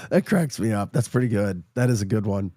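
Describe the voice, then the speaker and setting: Midwest morning host, St. Louis accent, low-pitched, dry close studio sound, laughs at own stories. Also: male voice, dark tone, no echo. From St. Louis area, Midwest. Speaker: radio show host. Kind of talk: casual morning radio chat.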